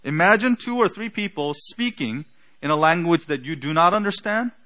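A male pastor delivers a sermon in a bright, forceful voice that sits a little high for a man. He speaks slowly and deliberately, with a slight non-native accent. He drives his points home with emphatic rhetorical questions. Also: animated, low-quality recording.

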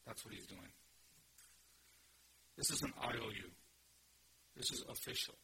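A man preaching an expository sermon, emphatic, with sudden rises in pitch and loudness. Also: a little slow, gravelly, breathy edge. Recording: noisy recording.

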